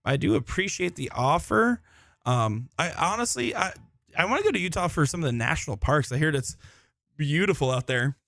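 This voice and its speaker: A man's voice: fairly high pitch, expressive, moderate pace, vocal fry, fairly bright tone, studio quality. A man commenting live on a darts tournament from a busy hall, chatting and joking about himself. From Florida. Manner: chatty, joking, self-deprecating.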